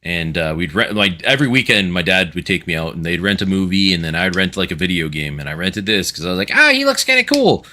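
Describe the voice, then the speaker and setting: A man's voice: sits low, fast talker, hardly any pauses, pushed and bright. A man co-hosting a casual livestream, giving dry, grumbling reactions and short stories. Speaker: podcast co-host.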